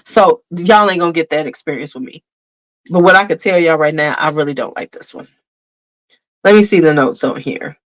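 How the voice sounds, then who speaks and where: A woman's voice: on the low side, normal speed, pauses often, poor audio. A woman talking casually to her viewers as she reviews perfume, blunt and frank, often calling them "y'all". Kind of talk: casual fragrance review vlog.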